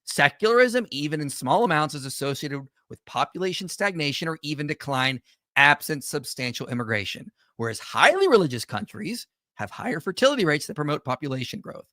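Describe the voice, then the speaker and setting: Bright-voiced sarcastic man hosting commentary. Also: fairly high pitch, no echo, studio quality. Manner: sarcastic, quick and animated. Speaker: channel host. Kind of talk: casual commentary on a video.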